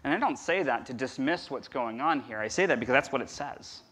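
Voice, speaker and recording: A man preaching a conversational sermon as pastor, swinging from loud emphasis to a near-whisper. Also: medium pitch, lively intonation, a little fast, breathy edge. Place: church.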